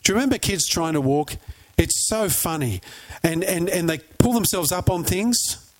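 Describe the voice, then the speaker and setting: A man preaching with a high, bright-sitting voice. He tells stories with animation and keeps firing questions at his listeners. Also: moderate pace. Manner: animated storyteller, asks the crowd questions. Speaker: pastor. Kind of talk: sermon.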